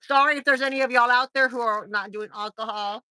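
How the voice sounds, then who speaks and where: A woman's voice: on the high side, fairly even intonation, fairly quick, sharp tone, no echo, clean studio sound. A woman, chatting casually on a livestream, rambling with lots of fillers and gushing thanks. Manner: gushing and effusive when thanking viewers. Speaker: livestream host.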